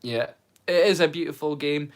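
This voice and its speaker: Chatty Scottish man, slightly high voice. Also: moderate pace. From Scotland. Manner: rambling, repeats words when starting sentences. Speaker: livestream host. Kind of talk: casual livestream chat.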